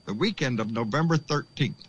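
A man hosting a casual call-in show, excitable and folksy, swearing freely and calling people "baby". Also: mid-range voice, a little fast, breathy edge, lo-fi sound. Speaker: podcast host.

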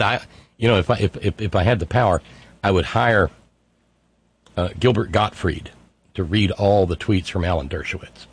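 A middle-aged radio host with a low, gravelly, husky voice, sardonic in tone. He mocks the messages he reads aloud on his call-in show. The studio sound is close and dry. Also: moderate pace, pauses often.

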